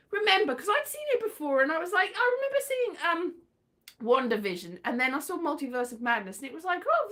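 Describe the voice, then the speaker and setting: Woman, livestream host, high voice, very lively pitch, playful and rambling. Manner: chatty, playful, rambling with sing-song bursts. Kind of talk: casual livestream chat.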